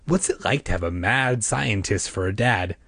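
A man voicing a young girl friend who talks quietly and seriously. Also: fairly low pitch, animated, normal speed, creaky, husky, no room sound, studio quality, full character voice.

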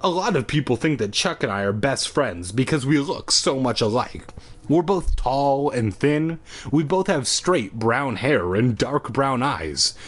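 A man at home doing a comic reading of a children's book, lively and breaking off into crude sarcastic asides. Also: mid-range voice, slightly rough. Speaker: reader.

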